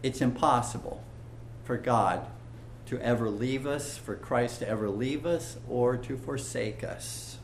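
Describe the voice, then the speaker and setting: A man preaching a sermon, slow and earnest, building to emphatic swells. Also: mid-range voice, roomy sound, slight background noise.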